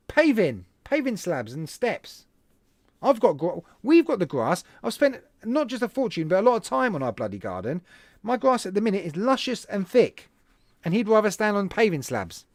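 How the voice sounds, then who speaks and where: A man hosting a podcast, telling a rambling, animated story to his live chat at home with self-deprecating asides. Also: high-pitched, normal speed, no echo, clean studio sound. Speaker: podcast host.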